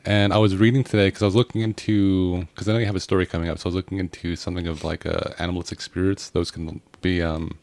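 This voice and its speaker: A man hosts a casual paranormal podcast, thinking aloud and pausing on ums. His voice sits very low. The sound is close and dry. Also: level tone, vocal fry, a little mellow, dry recording. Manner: musing, hesitant with ums. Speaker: podcast host. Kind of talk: casual conversation.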